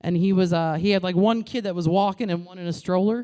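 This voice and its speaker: A woman's voice: lowish voice, quick pace. A woman comedian in her thirties, originally from New York, doing a brash, crude stand-up routine into a stage mic. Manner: brash, crude, animated punchlines.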